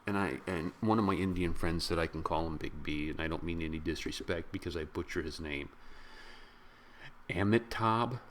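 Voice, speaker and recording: A middle-aged man reviewing a movie in a casual, rambling, excitable way, full of slang. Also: extremely low pitch, brisk, few pauses, a little hiss or hum. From of British descent. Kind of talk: casual spoken film review.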